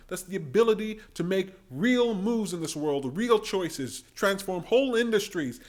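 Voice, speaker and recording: A man giving an excitable reaction commentary on a debate clip, mimicking voices, laughing and exclaiming. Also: high-pitched, measured pace, hardly any pauses. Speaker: political commentator.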